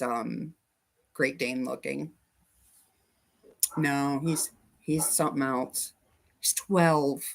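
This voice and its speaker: A woman hosting a casual quilting livestream from her home sewing room, chatting with viewers about their comments and talking to her dog. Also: sits low.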